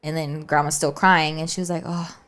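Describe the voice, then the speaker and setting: A woman's voice: low-pitched, flat delivery, a little fast, fairly bright tone. A woman podcast co-host casually telling a spooky story, chatty and always checking in with "right?" and "like.". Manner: chatty, keeps saying "right?" and "like".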